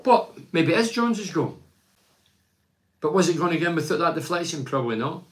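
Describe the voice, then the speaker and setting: A man's voice: on the high side, big pitch swings, fairly quick, fairly bright tone. An older man, a former footballer chatting casually about his club and reading out fan messages, blunt and opinionated with plenty of rambling restarts.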